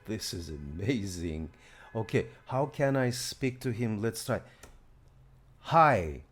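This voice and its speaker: A man hosting a casual software demo, excited and thinking aloud as he tries things out. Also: lowish voice, slow, husky, faint music behind. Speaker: host.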